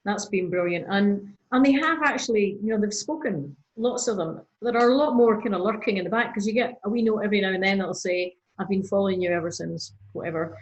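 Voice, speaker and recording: A woman's voice: medium pitch, a little fast, few pauses, low-quality recording. A woman with a Scottish accent, a church minister chatting casually as a podcast guest, with lots of fillers. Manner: chatty, frequent fillers and laughs.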